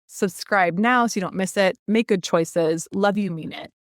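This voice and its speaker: A woman's voice: medium pitch, normal speed. A woman hosting a solo podcast, chatting casually and playfully acting out the lines she quotes. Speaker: podcast host.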